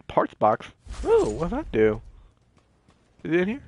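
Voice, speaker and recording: A young man giving animated gameplay commentary, talking to the characters on screen as he plays. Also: high-pitched, unhurried, no echo. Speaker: gaming channel host.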